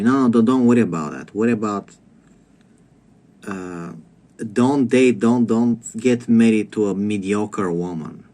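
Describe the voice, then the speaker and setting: A man's voice: lowish voice, measured pace, a little mellow. A man delivering a comedic rant to camera, crude and profane, lecturing with stammered restarts. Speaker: comedic vlogger.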